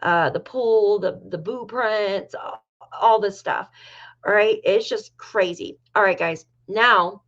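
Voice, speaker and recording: A woman's voice: medium pitch, slow pace, a bit bright, lo-fi sound. A middle-aged woman from New York hosting a casual livestream, chatting with viewers and reading their comments aloud. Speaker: livestream host.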